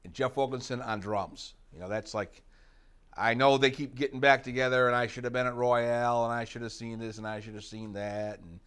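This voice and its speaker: A man's voice: mid-range voice, fairly even intonation, brisk, fairly bright tone, smooth. A middle-aged man from the United States, a rock guitarist being interviewed, talking in a rambling way with many fillers and asides. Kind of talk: casual interview reminiscing.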